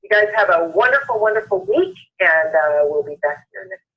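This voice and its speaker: This call host from Southern California has a medium-pitched voice with huge pitch swings at a moderate pace. Leading a motivational conference call, she stays upbeat and emphatic, echoing phrases for impact, on a muffled phone recording.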